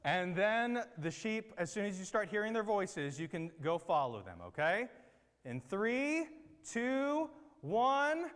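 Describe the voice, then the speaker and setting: In a large room with a platform, a man leads a children's church group activity, giving upbeat, coaxing instructions and often checking that the kids understand. His voice is high-pitched, slow, smooth and fairly bright, with big swings in pitch. The long reverb of a big hall fills the recording.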